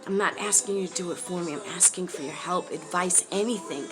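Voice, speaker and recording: A woman's voice: medium pitch, fairly quick, few pauses. A woman, speaking to camera from a shelter, pleading urgently and from the heart for help. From New York. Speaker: mother appealing for help. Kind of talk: emotional personal appeal to camera. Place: homeless shelter. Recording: music clearly behind.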